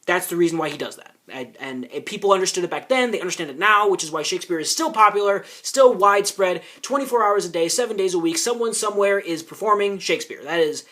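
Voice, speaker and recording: A man's voice: sits high, lively intonation, fast talker, hardly any pauses, pushed and bright. A man giving argumentative commentary in reply to a clip, explaining at length with frequent restarts and the odd curse.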